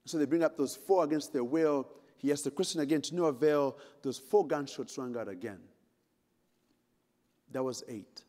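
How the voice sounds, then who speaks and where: A man's voice: on the high side, normal speed, darkish tone. A middle-aged man from Uganda giving a conference keynote, telling a dramatic story with jokes and speaking straight to the audience. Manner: dramatic, humorous, addresses the audience directly. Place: large conference hall. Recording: long hall reverb.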